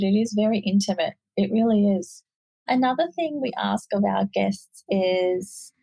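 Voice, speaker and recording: A woman's voice: mid-range voice, vocal fry, darkish tone, slightly rough, dry recording, low-quality recording. A woman hosting a podcast interview, telling stories and asking questions in a chatty, casual way. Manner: chatty storytelling. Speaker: podcast host.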